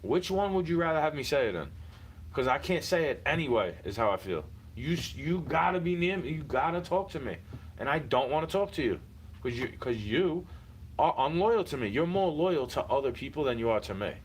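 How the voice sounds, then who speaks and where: A man's voice: fairly high pitch, big pitch swings, brisk, slight background noise, poor audio. A man venting in a heated, repetitive personal rant, speaking straight at someone he is fed up with and swearing often. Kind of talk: frustrated personal rant to camera.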